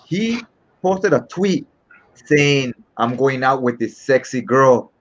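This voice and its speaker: Man, casual chat, animated storyteller, mid pitch, dull lo-fi recording. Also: slow. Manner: animated storyteller, acts out quotes. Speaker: podcast co-host. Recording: dull lo-fi sound.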